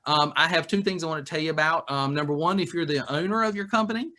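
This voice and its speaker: A man speaking over a video call, giving an animated, joking leadership talk. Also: on the high side, fast talker. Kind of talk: lively webinar talk.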